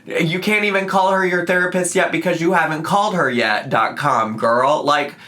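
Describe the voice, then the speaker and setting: A man's voice: on the high side, moderate pace, hardly any pauses, sharp tone. A man hosting a reaction video, giving mocking, exasperated commentary with plenty of swearing. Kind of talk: sarcastic commentary.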